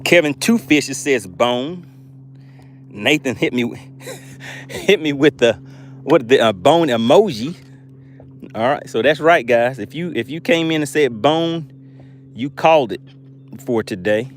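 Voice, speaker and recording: A man hosting a live fishing stream from a boat, excitedly commenting and reading chat messages aloud. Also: medium pitch, measured pace, pauses often, a little hiss or hum. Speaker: fishing livestream host.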